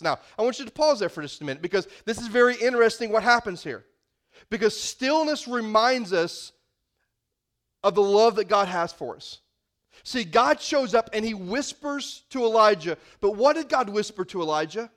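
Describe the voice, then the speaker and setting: High-voiced folksy male preacher. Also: animated, normal speed, a bit bright. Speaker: pastor. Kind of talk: sermon.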